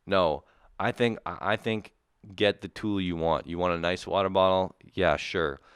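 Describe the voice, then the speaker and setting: A man's voice: low-pitched, moderate pace, clear, resonant tone, dry recording, clean studio sound. A young man ranting comedically, exasperated and profane, mock outrage building between laughs. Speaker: podcast host. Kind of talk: comedic rant.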